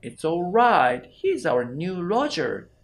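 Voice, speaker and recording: A man voicing a gentle, vague widowed mother in a slow read-aloud of a story passage. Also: high-pitched, sing-song, heavily acted.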